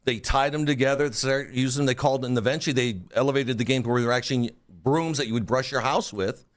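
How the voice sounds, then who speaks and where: A man's voice: mid-range voice, quick pace. A man chatting as a guest in a radio studio, eagerly explaining a sport and stumbling over his first words. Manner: enthusiastic, explanatory, repeats words when starting. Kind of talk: casual studio chat.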